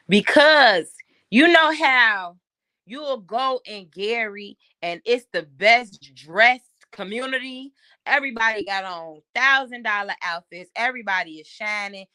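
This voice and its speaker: A woman, a podcast guest, chatting casually and telling animated stories, laughing often and doing voices. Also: medium pitch, no room sound, studio quality. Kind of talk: casual chat, storytelling.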